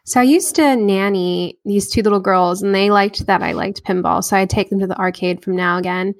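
A woman talking as a guest on a casual podcast, friendly and hesitant, with many pauses and fillers. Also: medium pitch, dry recording, clean studio sound. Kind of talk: casual interview chat.

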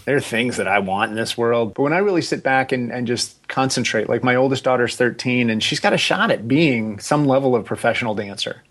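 A man's voice: mid-range voice, a little fast, few pauses. Easygoing man, rambling podcast guest. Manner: relaxed, rambling, frequent restarts and asides. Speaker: podcast guest, agency founder. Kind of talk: casual interview chat.

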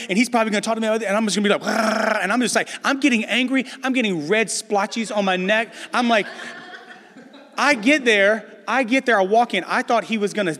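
Animated male pastor in a reverberant hall. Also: high-pitched, a little hiss or hum. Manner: animated storytelling, addresses the congregation with humor. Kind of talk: sermon.

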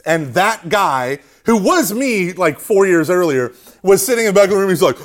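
A man giving an animated, conversational preaching talk to a young audience, often asking "right?" and poking fun at himself. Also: sits high, moderate pace, few pauses. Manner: conversational, keeps asking "right?", self-mocking humor, acts out quotes. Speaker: speaker at a Catholic youth talk.

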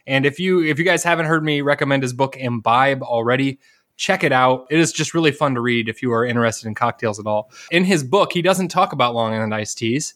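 A man with a Northwest Ohio accent co-hosting a casual podcast chat, relaxed and joking, reading quotes aloud. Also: medium pitch, a little fast. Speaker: podcast co-host.

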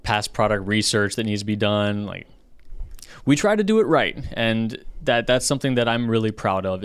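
A man's voice: fairly low pitch, clean tone, dry recording. A man co-hosting a casual podcast, speaking earnestly and precisely, often restarting phrases. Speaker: podcast co-host.

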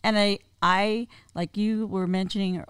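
A guest speaking hesitantly and openly in a personal conversation, pausing with fillers. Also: medium pitch, fairly even intonation, a bit bright, smooth, no echo, clean studio sound. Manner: hesitant, open, reflective.

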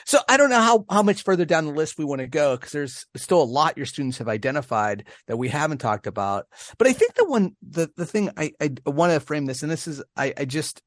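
A man's voice: fairly high pitch, expressive, fairly quick, hardly any pauses, no echo, clean studio sound. An American man co-hosting a casual podcast chat, rambling with many restarts and laughs. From United States. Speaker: podcast co-host.

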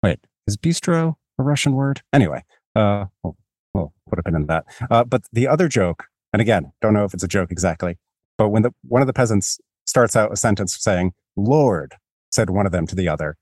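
Low-voiced rambling male podcast host. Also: lively intonation, fairly quick, darkish tone, no room sound, clean studio sound. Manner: rambling, self-deprecating, many restarts. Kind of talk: casual book discussion.

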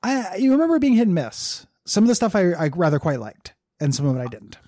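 A man's voice: high-pitched, very animated, quick pace, mellow, no echo, clean studio sound. A man co-hosting a podcast, chatting casually with a wry, sardonic edge and frequent laughs. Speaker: podcast co-host.

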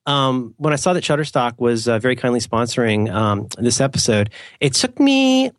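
A man's voice: mid-range voice, fairly even intonation, a little fast, no echo. Rambling, joking man in dry sound. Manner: rambling, self-mocking, playful mock-formal asides. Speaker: podcast co-host. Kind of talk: casual chat.

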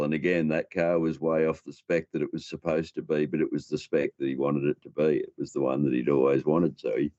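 A man's voice: extremely low pitch, warm tone, no echo, muffled recording. A man with an Australian accent co-hosting a casual car podcast, laid-back and matey. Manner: laid-back, says "bloody" and "mate". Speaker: co-host.

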